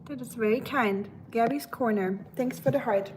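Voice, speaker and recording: German lady rambling on her cooking stream, higher voice, faint hum in the background. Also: moderate pace, a little mellow. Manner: chatty and rambling, talks to viewers in the chat. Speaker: live-stream host. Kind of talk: casual live-stream chat while cooking.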